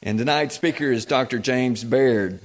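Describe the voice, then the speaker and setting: A man's voice: mid-range voice, normal speed. A man hosting at a church, introducing the evening's guest speaker in a plain, matter-of-fact way. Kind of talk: formal introduction.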